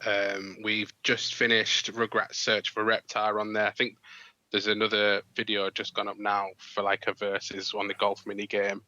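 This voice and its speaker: A man with a Yorkshire accent chatting on a gaming podcast, repeating words as he goes. His voice is low and bright-edged, with a fairly flat, even tone. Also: dry recording, lo-fi sound. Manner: relaxed, a little halting, repeats words. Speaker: podcast co-host. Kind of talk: casual podcast chat.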